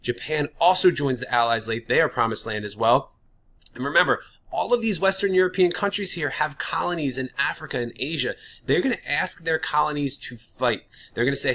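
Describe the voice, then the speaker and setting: Male teacher, casual classroom lecture, chatty, bright forceful voice. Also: medium pitch, brisk. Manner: casual and chatty, with many "like" fillers. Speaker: history teacher.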